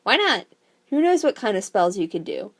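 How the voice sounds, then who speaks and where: A woman's voice: medium pitch, very animated, normal speed, vocal fry. A woman reading the lines of a bullied young girl in her own voice, earnest and frustrated. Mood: wondering.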